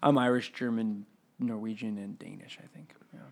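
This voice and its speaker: Gravelly young guy from minnesota, podcast cohost, tells stories and does voices. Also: fairly low pitch, normal speed. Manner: animated storyteller, mimics people. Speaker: podcast co-host. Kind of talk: casual chat.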